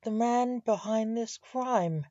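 A woman voicing Blake, a male king of grim reapers, with a slow, measured delivery in a storybook reading. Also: fairly high pitch, dark tone, no echo. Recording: dull, dry lo-fi audio.

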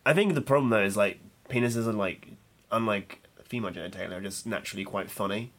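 Deadpan guy with a lowish voice, blunt jokes on a movie podcast. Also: quick pace. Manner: deadpan, blunt, swears casually. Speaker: podcast co-host. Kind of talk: casual film chat.

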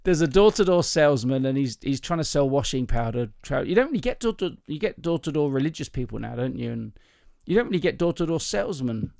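A man's voice: fairly high pitch, expressive, quick pace, vocal fry, few pauses, darkish tone, dry recording. Chatty man, dry close sound. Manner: chatty, rambling, laughs often. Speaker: podcast host. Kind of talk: casual chat, joke telling.

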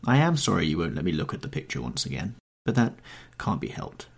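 An earnest, wistful painter, as a male narrator plays him, pleading with feeling. His low voice is gravelly and husky, and it rises and falls a lot. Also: big pitch swings, fairly quick, exaggerated voice. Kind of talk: audiobook character reading.

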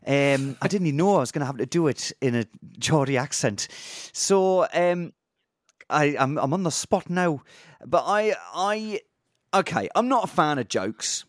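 A man's voice: a little high, lively intonation, a little slow, no room sound, studio quality. A man, a comedian on a podcast, telling an anecdote in casual chat with hesitant starts and laughter. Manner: hesitant starts, laughs at his own story.

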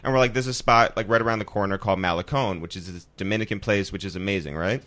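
A male podcast host with a slightly low voice chats with guests. He tells stories animatedly, jumping into quoted voices and laughing easily. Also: fast talker. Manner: animated storyteller, laughs often. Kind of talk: casual interview chat.

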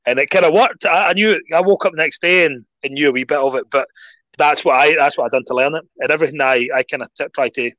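Scottish man telling animated stories. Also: fairly high pitch, fast talker, no echo, lo-fi sound. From Scotland. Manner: animated storyteller, repeats phrases for emphasis. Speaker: guest. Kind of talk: casual chat.

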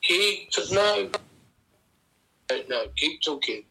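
A man's voice: high-pitched, animated, slow, creaky, a crowd in the background, rough recording. A young man, a podcast guest, talking brash and mock-aggressive in casual banter.

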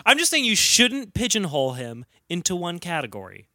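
A man's voice: sits high, wildly swooping pitch, a little fast, bright, forceful tone, no room sound, studio quality. A young man co-hosting a podcast, teasing his friends in casual comic chat. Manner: teasing, wry. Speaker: podcast co-host.

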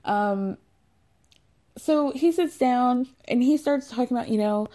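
A woman's voice: a little high, measured pace, warm tone. Chatty sarcastic woman in her thirties. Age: 30s. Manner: chatty and sarcastic, acts out quotes, laughs often. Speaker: podcast host recapping a reality show. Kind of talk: casual chat.

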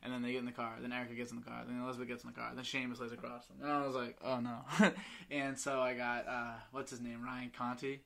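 A man's voice: mid-range voice, monotone, fast talker, creaky, fairly bright tone. A young man hosting a podcast, chatting casually and rambling through stories while acting out his friends' lines. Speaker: podcast host. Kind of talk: casual chat.

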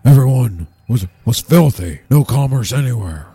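Man doing a gravelly, rambling, panicky townsman. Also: mid-range voice, lively intonation, moderate pace, mellow, dry recording. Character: bumbling self-important townsman hypnotized, man.

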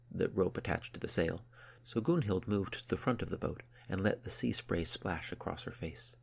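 A man narrating a story in a steady, measured way. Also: deep voice, creaky, slightly rough. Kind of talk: scripted audiobook narration.

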